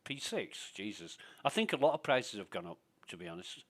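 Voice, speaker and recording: A man's voice: fairly low pitch, sing-song, fairly quick. Blunt swearing man venting. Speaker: streamer. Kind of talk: casual gaming chat.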